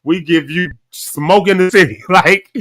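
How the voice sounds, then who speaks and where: A man's voice: sits high, measured pace, a bit bright, dry recording. A man hosting a casual live morning chat show, playful and laughing often. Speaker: host.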